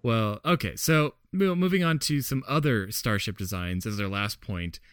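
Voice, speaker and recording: A man's voice: on the low side, expressive, normal speed, a bit bright, clear, resonant tone, no echo, studio quality. A man co-hosting a podcast in casual chat. He laughs often and fills his talk with "uh" and "like". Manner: chatty, laughs often, many fillers. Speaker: podcast co-host.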